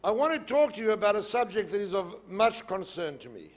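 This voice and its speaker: An older man with a South African accent, giving a public lecture and telling anecdotes with lively storytelling. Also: sits high, brisk. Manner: storytelling, animated in jokes. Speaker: guest speaker. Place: lecture hall podium.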